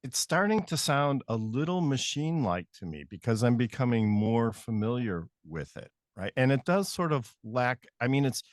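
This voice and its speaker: Guy co-host stumbling over words, lively pitch, dry studio. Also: no echo. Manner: halting, many restarts, thoughtful. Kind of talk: casual interview chat.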